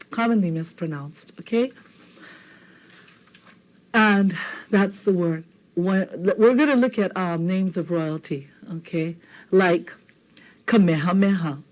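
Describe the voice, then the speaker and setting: A woman from Hawaii with a Hawaiian accent leads a televised language lesson. She is patient and playful, repeating each word slowly and asking "okay?" often. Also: lowish voice, a little mellow, poor audio. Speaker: language teacher.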